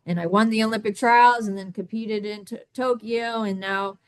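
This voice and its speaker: A woman in her thirties speaking on a video call, telling her own story in a halting way with many restarts and repeated words. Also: medium pitch, fairly even intonation, no echo. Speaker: summit guest speaker. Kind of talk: candid personal storytelling.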